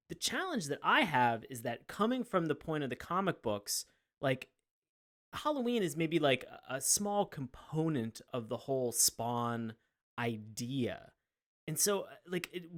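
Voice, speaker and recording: A man co-hosting a casual podcast, thinking out loud with many fillers and asking the others questions. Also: on the high side. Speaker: podcast co-host.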